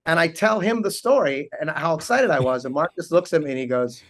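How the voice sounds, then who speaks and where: A man in his forties, a guest on a talk show, telling animated funny stories and laughing often. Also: a little high, brisk. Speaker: guest, actor and team owner. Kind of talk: casual interview storytelling.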